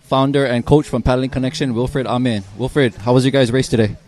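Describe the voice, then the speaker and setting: A man conducting a beach interview, asking friendly, brisk questions. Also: mid-range voice, fairly even intonation, darkish tone.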